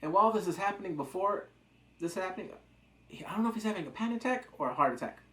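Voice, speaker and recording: A man's voice: sits high, lively intonation, rapid-fire, sharp tone. A man reviewing a TV episode in a casual, rambling, jokey recap chat. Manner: rambling, jokey, acts out quotes. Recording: roomy echo.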